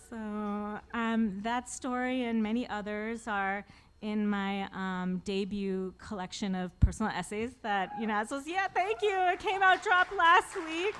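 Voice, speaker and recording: A woman in her forties tells a personal story to a live audience in a wry, self-deprecating way. She laughs at her own punchlines. Her voice sits at an ordinary middle pitch for a woman. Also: slow pace, fairly bright tone, a little hiss or hum. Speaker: author telling a personal story on stage.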